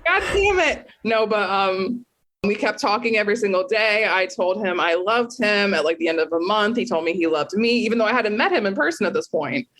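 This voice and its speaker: A woman guest on a podcast telling a personal story in an animated, casual way, swearing freely and laughing at herself. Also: medium pitch, fairly quick, a little hiss or hum.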